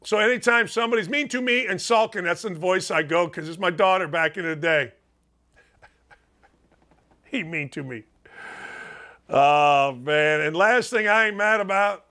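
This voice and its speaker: High, bright, emphatic sports talk host. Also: male voice. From Gary, Indiana. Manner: emphatic, folksy, digressive.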